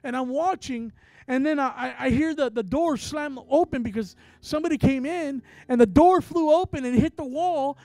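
A man who is a traveling minister, telling a story in a sermon with animated, acted-out dialogue. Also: very high voice, moderate pace, no room sound.

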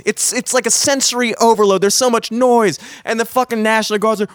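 A young man in casual chat, telling a profane, animated story and mimicking the people in it. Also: sits high, a little fast, few pauses, no echo, studio quality.

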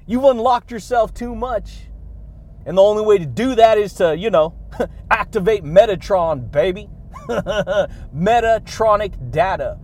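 A man hosting a motivational podcast, talking in an exuberant way, laughing between phrases and leaning on drawn-out catchphrases. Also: sits high, lively intonation, darkish tone. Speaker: podcast host.

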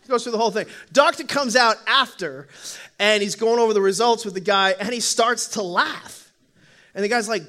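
A male pastor preaching a humorous sermon in church, telling animated stories and acting out voices with frequent laughter. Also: sits high, normal speed, pauses often. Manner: animated storytelling, acts out voices, laughs often.

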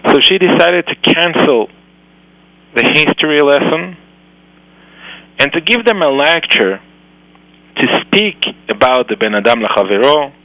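A man, a rabbi telling a moral story in halting, phrasing. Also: mid-range voice, fairly bright tone, dry recording, low-quality recording. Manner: slow, halting non-native phrasing. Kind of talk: storytelling lecture.

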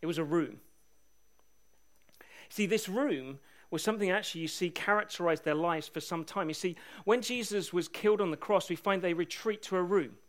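Male preacher, high voice, loose humorous storyteller, church sermon. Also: moderate pace.

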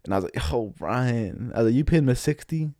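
Fast-talking young man telling a story. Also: mid-range voice, lively intonation, mellow, dry recording, studio quality. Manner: rambling, slangy, many restarts. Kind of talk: casual chat.

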